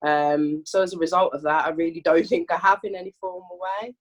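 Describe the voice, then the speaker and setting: A woman's voice: on the low side, a little fast. Chatty Birmingham woman in her thirties. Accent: Birmingham with a Manchester tinge. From Birmingham, England. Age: 30s. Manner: relaxed and chatty, with soft fillers. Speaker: podcast guest. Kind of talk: casual chat.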